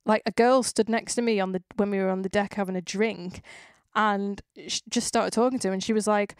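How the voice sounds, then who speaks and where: A chatty young woman with a Northwest English accent hosts a relaxed interview, wandering through her questions and dropping the odd swear word. Her voice sits at a middling pitch and sounds close and dry, with little room around it. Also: fairly quick, no echo. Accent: Northwest England, Cheshire. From England. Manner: chatty, rambling, swears casually. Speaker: podcast host. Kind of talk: casual interview chat.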